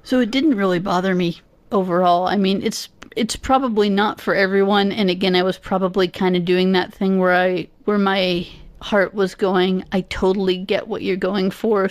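A woman's voice: mid-range voice, no room sound. A woman on a casual podcast chat who talks thoughtfully and hesitantly, with many fillers. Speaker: podcast guest co-host.

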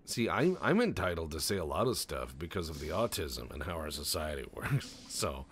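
A man's voice: extremely low pitch, sing-song, moderate pace, fairly bright tone, husky. A man doing rambling, profane, jokey let's-play commentary over a strategy game, tossing in goofy voices. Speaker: gaming channel host.

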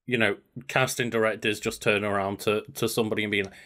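A man's voice: on the low side, level tone, quick pace, fairly bright tone. A man co-hosting a podcast, chatting in an easygoing, wry way and reacting to his partner. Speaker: podcast co-host. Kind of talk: casual chat.

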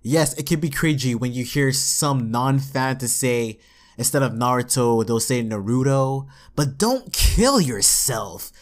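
A man's voice: medium pitch, unhurried. A man YouTuber delivering a profane, mocking comedic rant to his viewers. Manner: profane, mocking, animated ranting.

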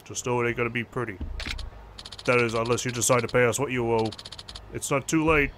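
A man's voice: mid-range voice, fairly even intonation, fairly quick, a bit bright, slight background noise, close to an everyday voice. A man voicing a menacing male loan shark thug who growls threats over the phone in a game playthrough. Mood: threatening.

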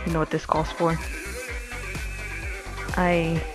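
Slow-talking sick young woman ranting. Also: low voice, monotone, music in the background. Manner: exasperated, swearing, rambling. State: sick, coughing. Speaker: gaming video creator. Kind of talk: casual gameplay commentary. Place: bedroom.

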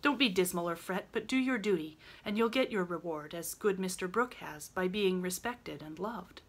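A woman's voice: medium pitch, normal speed, fairly bright tone, voice pushed up, lightly acted. A woman reading aloud, voicing a prim, motherly teenage girl who lectures earnestly in a raised voice.

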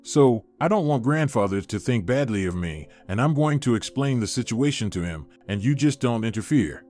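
A man's voice: mid-range voice, expressive, moderate pace, a little mellow, faint music behind, close to an everyday voice. Man reading as a hurt young heiress. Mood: earnest. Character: young woman, orphaned heiress, hurt but firm.

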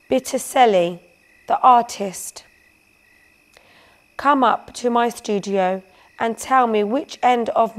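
Woman reading as a boastful showy painter. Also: fairly high pitch. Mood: proud. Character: boastful excitable male Renaissance painter.

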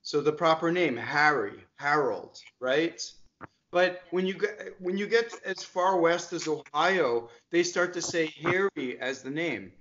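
Man explaining, slightly raised pitch. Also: unhurried, a bit bright. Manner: explains with examples, laughs easily, checks with "right?". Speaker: co-host. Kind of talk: casual conversation. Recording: dull lo-fi sound.

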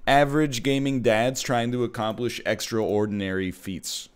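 A man in his thirties, co-hosting a casual stream chat over a voice call, excitable and quick to laugh. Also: mid-range voice, smooth. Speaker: streamer co-host.

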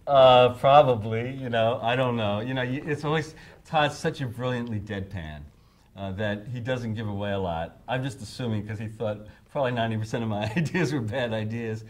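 A man's voice: mid-range voice, moderate pace. A man in his fifties being interviewed, telling anecdotes and acting out quotes in raised voices, laughing often. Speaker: songwriter interviewee.

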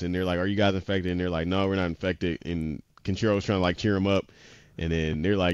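A man's voice: low voice, little pitch movement, fast, smooth, no room sound, dull audio. A man casually retelling an anime episode, rambling with lots of "he was like" quotes and frequent laughs. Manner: laughs often. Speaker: podcast co-host.

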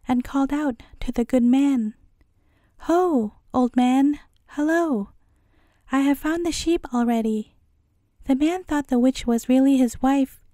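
High, mellow woman reading fairy tales. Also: no echo, clean studio sound. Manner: calm, measured storytelling. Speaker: storyteller. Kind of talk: bedtime fairy tale reading.

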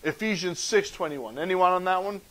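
A man preaching a sermon in a church, animated and joking as he teaches from scripture. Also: high voice, moderate pace, poor audio. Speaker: pastor. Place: church sanctuary.

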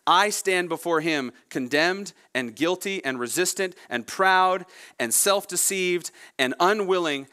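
A male pastor preaching a sermon, expressive, voicing the people in the story as he goes. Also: sits high, a little slow. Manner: expressive preaching with dramatic voiced quotes.

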